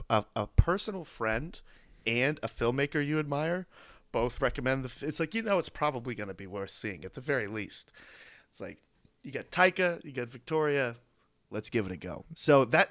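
A man's voice: medium pitch, lively intonation, moderate pace, fairly bright tone, dry recording. A man co-hosting a movie podcast, telling a story in a chatty, casual way. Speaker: podcast co-host.

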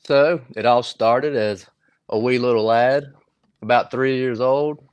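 A man's voice: medium pitch, steady tone, unhurried, clean tone, no room sound. A man appearing as a podcast guest, laid-back with dry quips. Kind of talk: casual chat.

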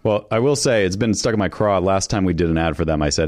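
A man's voice: sits low, quick pace, a little mellow, dry recording, clean studio sound. A man co-hosting a podcast, laid-back and wry during ad banter. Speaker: podcast co-host. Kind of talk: casual ad-read banter.

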